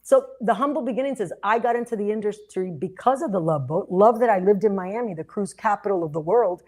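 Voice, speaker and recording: A woman's voice: medium pitch, brisk, a little mellow. Dramatic, effusive woman in her sixties. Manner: dramatic and effusive, talks a lot. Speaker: host, cruise sales leader. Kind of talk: webinar chat. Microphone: video call.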